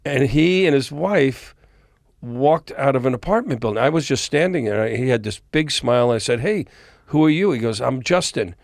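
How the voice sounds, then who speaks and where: A man's voice: medium pitch, moderate pace, no room sound, clean studio sound. A man, a music industry veteran, telling stories as a podcast guest and acting out the dialogue of the people in them. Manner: animated storyteller, acts out quoted dialogue. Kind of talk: storytelling interview. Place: recording studio.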